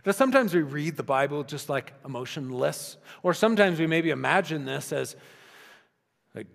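A man preaching a sermon in a conversational style, often dropping to soft, intimate tones. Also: medium pitch, expressive, moderate pace, vocal fry. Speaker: pastor. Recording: long reverb of a large hall.

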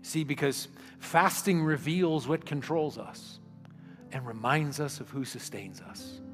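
Earnest male pastor in a reverberant hall. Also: fairly high pitch. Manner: earnest, builds to emphatic peaks, drops to hushed prayer. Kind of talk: sermon. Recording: long hall reverb with faint music.

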